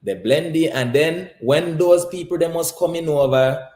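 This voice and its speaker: A man's voice: on the high side, a little slow, a little mellow. Creole english guy from nicaragua, chill explaining, echoey room. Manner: explains patiently, often asks "you get me?". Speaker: channel host. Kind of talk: casual conversation.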